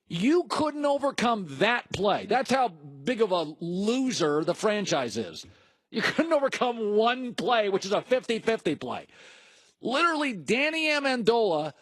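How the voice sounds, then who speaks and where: A man co-hosting a sports debate, with a fairly high voice that swings up and down a lot. He argues in a chatty, storytelling way. The sound is close and dry. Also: a bit bright, no room sound.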